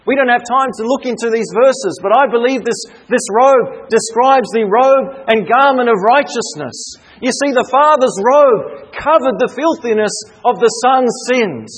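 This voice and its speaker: A man's voice: very high voice, expressive, moderate pace, husky, low-quality recording. A man preaching a sermon, earnest and emphatic, building through repeated phrases.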